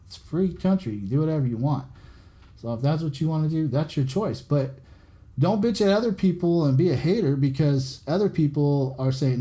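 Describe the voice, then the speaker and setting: A man's voice: fairly high pitch, animated, fairly quick, mellow. A man hosting a podcast, giving a blunt, profane motivational monologue and repeating himself to drive each point home. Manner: blunt, profane, repetitive and preachy. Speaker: podcast host.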